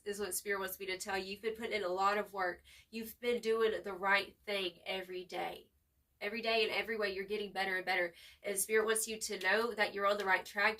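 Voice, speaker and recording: A woman giving a casual tarot reading to camera, expressive and slangy, swearing freely as she hypes up the viewer. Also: mid-range voice, distant mic. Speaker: tarot reader.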